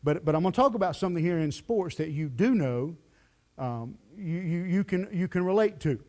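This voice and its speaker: A man preaching a sermon as pastor, telling the story in a lively, folksy way full of "you know" fillers. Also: on the high side, normal speed. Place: church sanctuary.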